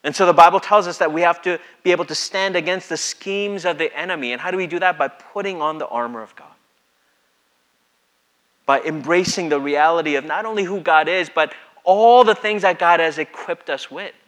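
A pastor with a slightly high voice preaches a sermon at a brisk clip, keeping it conversational. He reads scripture and acts out the quotes in lively voices.

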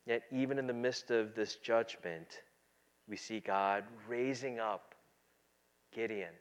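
A pastor preaching a sermon, moving between quiet, low asides and loud, emphatic passages. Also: male voice, takes it slowly, clean tone.

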